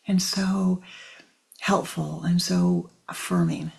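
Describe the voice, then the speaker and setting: A spiritual teacher gives a meditative talk in a gravelly, deeply husky voice of middle pitch. The delivery is slow and deliberate, with phrases repeated for weight. Often the voice sinks to a breathy near-whisper. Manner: addresses listeners tenderly as "my beloved".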